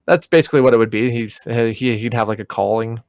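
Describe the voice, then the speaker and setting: A man's voice: mid-range voice, brisk, no room sound. Young man, podcast co-host, rambling, profane, dry close sound. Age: young adult. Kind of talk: casual chat.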